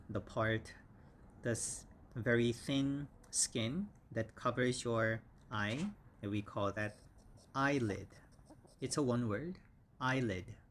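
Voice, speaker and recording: A man teaching English vocabulary, speaking slowly and patiently and repeating each word several times; his first language is Korean. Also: mid-range voice, slight background noise. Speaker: English instructor. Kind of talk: slow vocabulary lesson with repeated words.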